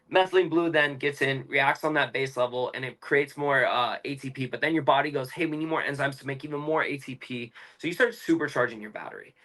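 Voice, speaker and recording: A young man, an interview guest, explaining at length in a fast, emphatic, casual way with slang. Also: medium pitch, sharp tone, poor audio.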